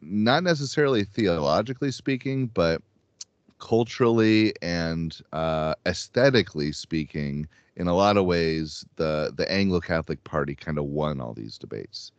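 Man, casual discussion, low pitch, hesitant delivery, dry muffled audio. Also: expressive, moderate pace, no room sound. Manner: hesitant, many fillers and restarts. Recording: dull lo-fi dry sound.

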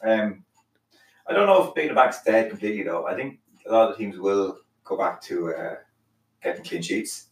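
A man's voice: on the low side, expressive, normal speed, distant mic. A man co-hosting a casual football podcast, chipping in often with questions. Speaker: podcast co-host. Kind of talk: casual sports podcast chat. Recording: echoey, off the mic.

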